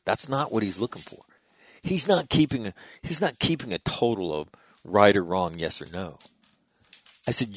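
A middle-aged man with a low, gravelly voice hosts a casual show and spins a story in a blunt, profane, animated way. The sound is dry and close, with no room around it. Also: no echo. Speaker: show host.

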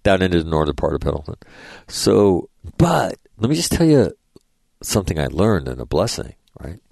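A man's voice: low voice, very animated, normal speed, vocal fry, darkish tone, slightly rough, no room sound. A middle-aged man hosting a radio show, telling rambling, profane anecdotes and acting out the dialogue in a casual monologue.

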